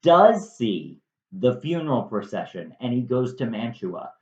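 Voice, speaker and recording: A man's voice: medium pitch, big pitch swings, unhurried, a little mellow. A man casually retelling a play to viewers, with wry, conversational asides. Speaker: video host. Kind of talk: casual storytelling lesson. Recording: roomy, slightly dull recording.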